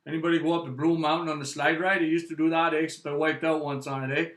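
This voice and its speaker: A man's voice: on the high side, little pitch movement, fast, fairly bright tone, roomy sound. A Canadian man hosting a casual record review, rambling and chatty, with frequent tag questions. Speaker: music vlog host.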